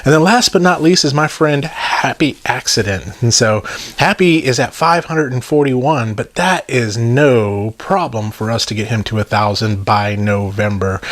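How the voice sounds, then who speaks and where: A man with a Southern accent hosting a toy review channel, talking casually and enthusiastically to viewers with joking asides. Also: mid-range voice. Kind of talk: casual vlog chat to viewers.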